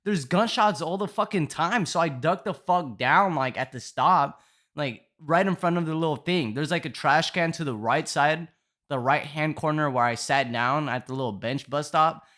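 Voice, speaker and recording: A man's voice: fairly high pitch, moderate pace, sharp tone. A young man telling a storytime in casual, profane slang, rambling with constant fillers.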